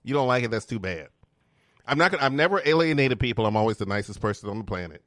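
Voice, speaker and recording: A man hosts a relaxed morning chat, flirting and joking with his guest and breaking into laughter. His voice is lively, leaping up and down, and it sounds close and dry, with no room around it. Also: medium pitch, quick pace, no echo. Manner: flirty, playful, laughs a lot. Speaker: host. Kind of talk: casual chat. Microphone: studio mic with headphones.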